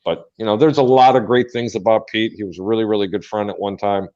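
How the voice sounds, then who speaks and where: Low-voiced man telling a lively story. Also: quick pace. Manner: animated storyteller, acts out quotes. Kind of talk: casual storytelling on a sports talk show. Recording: dull lo-fi sound.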